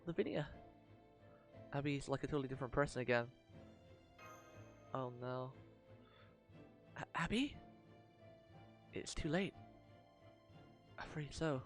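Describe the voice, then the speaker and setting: A man streaming a mobile game live, reading out the story and reacting excitedly as he plans his team. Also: medium pitch. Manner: excitable, reacts loudly, talks through strategy.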